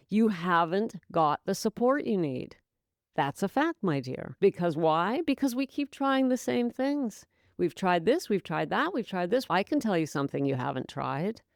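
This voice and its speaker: A woman's voice: on the low side, vocal fry, a little mellow, no room sound, clean studio sound. A woman hosting a solo sobriety-coaching podcast, talking emphatically and encouragingly to her listener, calling them babe. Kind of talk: motivational solo podcast talk.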